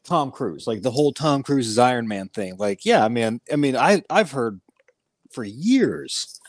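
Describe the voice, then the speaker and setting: A man's voice: medium pitch, very animated, unhurried, no echo. A man co-hosting a podcast in casual chat, profane and emphatic, acting out quoted lines. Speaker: podcast co-host.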